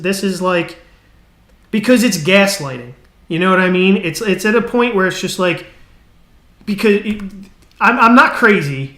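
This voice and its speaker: Male coding streamer, fed-up rambling rant, slightly high bright voice. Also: echoey room. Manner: exasperated, swearing, trailing off and restarting. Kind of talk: casual live-stream ranting.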